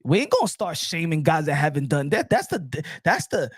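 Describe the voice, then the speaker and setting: A man giving animated casual commentary as a boxing commentator, excitable, repeating himself and dropping in Spanish phrases. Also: fairly high pitch, moderate pace, slightly rough, dry recording, studio quality.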